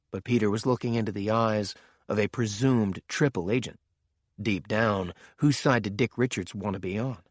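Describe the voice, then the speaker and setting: A man narrates a thriller audiobook in a steady, measured way. His voice sits at a middling pitch. The close studio sound is dry, with no room echo.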